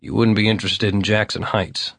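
Guy playing a tired terse loner, short flat answers, dry close sound. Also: on the low side, brisk, creaky, no echo. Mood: weary. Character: weary, terse, guarded slight man.

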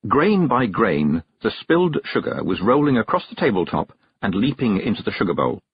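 A man narrating a storybook in a measured, expressive reading voice. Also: fairly low pitch, slightly rough, no echo, lo-fi sound. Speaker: audiobook narrator.

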